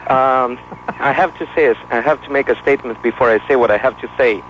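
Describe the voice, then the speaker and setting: A man's voice: medium pitch, brisk, a little hiss or hum. A man calling a radio show, giggly and teasing. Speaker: caller. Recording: muffled phone-in call on old radio.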